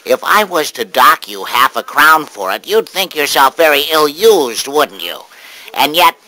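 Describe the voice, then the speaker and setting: A man playing a miserly, bitter old man in a radio drama, gruff and snapping. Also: fairly high pitch, big pitch swings, unhurried, pushed and bright, dry recording, full character voice, low-quality recording. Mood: scornful.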